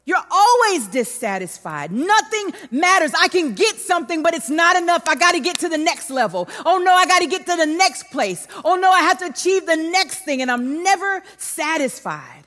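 A woman preaching a sermon in a large hall, telling a personal story with animated emphasis. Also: very high voice, normal speed, hardly any pauses. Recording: long hall reverb.

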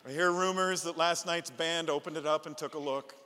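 A man's voice: fairly high pitch, brisk, a little hiss or hum. A middle-aged man preaching a sermon as pastor, telling stories with playful asides. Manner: animated storytelling with playful asides. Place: church sanctuary. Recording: long church reverb.

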